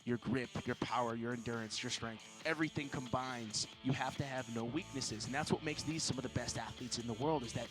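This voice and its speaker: A man and gym owner giving live race preview commentary, stressing points in energetic lists. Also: mid-range voice, brisk, few pauses, music in the background.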